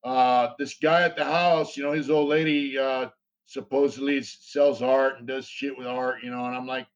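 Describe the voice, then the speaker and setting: A man's voice: mid-range voice, fairly even intonation, normal speed. Male interview guest, casual storyteller, rambling and profane, dull lo-fi sound. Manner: rambling, profane, many fillers.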